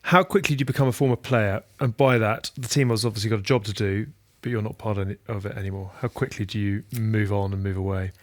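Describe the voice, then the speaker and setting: A man hosting a podcast, firing off brisk quick-fire interview questions. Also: fairly low pitch, fairly even intonation, no room sound. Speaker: podcast host.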